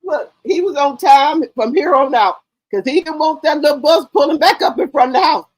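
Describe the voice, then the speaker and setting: Woman stream host with a high voice; animated, profane storyteller who keeps laughing. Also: a little fast, low-quality recording. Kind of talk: casual chat on a live stream.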